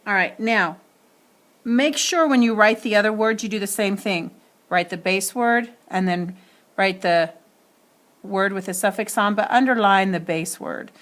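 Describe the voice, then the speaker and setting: A woman's voice: mid-range voice, measured pace, a bit bright. A woman teacher giving a spelling lesson, speaking carefully and spelling words out letter by letter.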